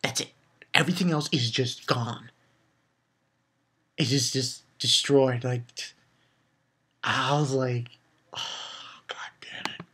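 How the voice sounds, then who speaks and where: Slow, husky man excitedly reviewing comics. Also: mid-range voice. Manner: excitable, loose and profane, with many fillers. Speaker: manga reviewer. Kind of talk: casual spoken review, retelling a comic chapter.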